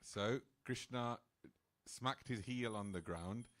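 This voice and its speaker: A man's voice: mid-range voice, takes it slowly, a bit bright. A man speaking as a temple speaker, telling a sacred story in a casual, chatty sermon style. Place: temple hall.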